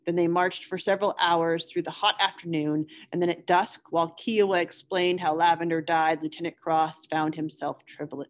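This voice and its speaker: A woman teacher reading a novel aloud to students in a measured, steady way. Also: fairly low pitch. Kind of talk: read-aloud novel narration.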